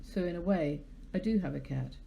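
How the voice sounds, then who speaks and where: A woman's voice: fairly low pitch, a little fast, creaky, muffled recording, a little hiss or hum. A British woman hosting a live poetry stream, chatting in a rambling, self-deprecating way and reading her own poems.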